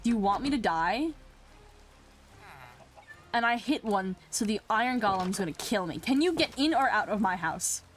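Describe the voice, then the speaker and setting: Speaking at a normal pace with lively intonation and long pauses, a young woman hosts a Minecraft let's play. Flustered, she addresses the game's creatures directly, going from exclaiming out loud to muttering under her breath.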